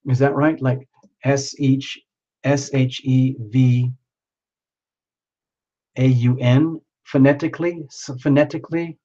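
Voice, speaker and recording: A man's voice: medium pitch, little pitch movement, takes it slowly, long pauses, mellow, muffled recording. A man hosting a live tarot reading, chatting and rambling as he reads out viewers' names.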